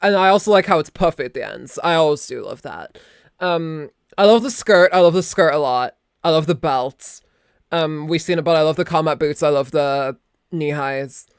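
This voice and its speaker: Speaking at normal speed, this young adult woman has a low, expressive, clear and resonant voice with no room sound. As a VTuber on a casual live stream, she rambles into a close desk mic and swears occasionally.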